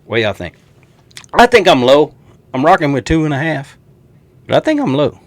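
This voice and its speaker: A man with a Southern accent, hosting a casual football prediction show and talking to viewers in an animated, joking way. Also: fairly high pitch, moderate pace, no echo. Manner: animated, jokey, talks straight to viewers. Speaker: sports show host. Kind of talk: casual sports prediction talk.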